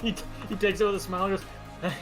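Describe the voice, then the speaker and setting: Brief: higher-pitched man, playful tabletop player, clear music under him. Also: little pitch movement, racing. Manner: playful, laughing asides. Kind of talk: casual tabletop play.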